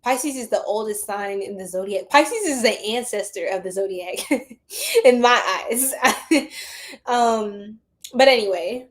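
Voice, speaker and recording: A woman giving a casual psychic tarot reading to her viewers, chatty and full of slang, often laughing. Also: on the high side.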